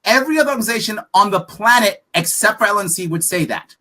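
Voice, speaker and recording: A man's voice: sits high, animated, fast, pushed and bright. A man being interviewed on a podcast as a political candidate, talking emphatically and bluntly, firing off rhetorical questions. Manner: profane, frank.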